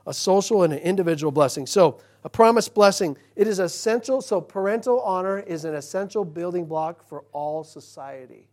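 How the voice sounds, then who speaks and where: Male pastor, slightly higher voice, sermon delivery that swings from hushed storytelling to loud emphatic scripture. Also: moderate pace, hardly any pauses. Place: church.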